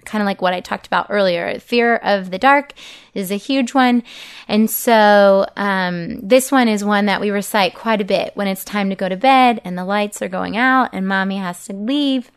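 A woman's voice: medium pitch, clean tone. A woman in her thirties, a mother teaching other parents how to learn Bible verses with their children, talking casually, earnestly and encouragingly, and walking through each step.

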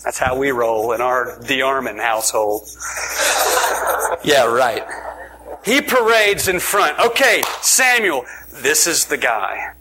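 A man's voice: mid-range voice, animated, slow, background noise. A man preaching a sermon, telling the story with jokes and dropping into whispers for emphasis. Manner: playful, joking storytelling, with sudden whispers.

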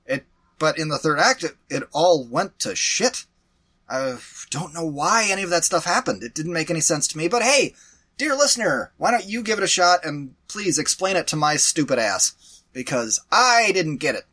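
Bright-voiced man recapping a film. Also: a little high, normal speed. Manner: animated, exasperated storytelling with profanity. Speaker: podcast co-host reviewing a movie. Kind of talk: casual chat.

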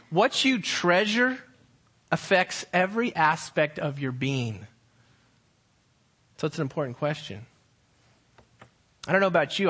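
A man preaching as a high school pastor, posing slow rhetorical questions and acting out different tones of voice. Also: sharp tone. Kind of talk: sermon.

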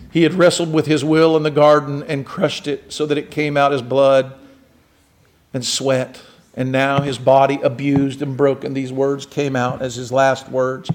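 A man preaching a sermon, building up to loud, rising emphasis and then dropping to a hushed, quiet delivery. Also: fairly high pitch. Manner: dramatic, swelling to loud emphasis and dropping to near whispers.

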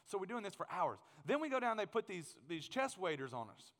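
A man preaching a sermon, telling a funny story in an animated way and acting out the scenes. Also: high-pitched, fairly quick. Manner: animated, humorous, acts out scenes. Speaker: pastor. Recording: long hall reverb.

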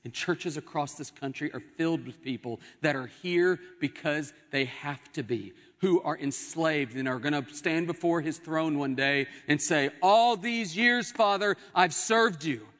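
A young adult man preaching a sermon as pastor, with emphatic rises and dramatic pauses. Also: a little high, a bit bright. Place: church sanctuary. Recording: long hall reverb.

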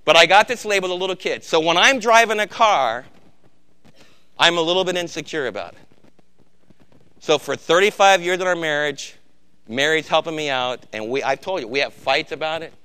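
Bright, clear-voiced preaching man. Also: a little high, moderate pace. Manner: preaching with sharp swings from loud emphatic bursts to quiet intensity. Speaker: pastor. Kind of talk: sermon.

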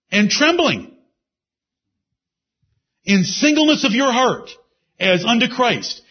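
A man preaching a sermon with emphasis. He repeats key phrases and drops into low asides. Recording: dull lo-fi sermon recording.

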